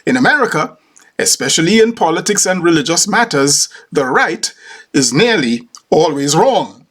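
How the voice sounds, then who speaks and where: A man's voice: fairly high pitch, sing-song, moderate pace, a bit bright, breathy edge. A man hosting a podcast, delivering a humorous scripted monologue with formal, precise diction. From Caribbean. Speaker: podcast host.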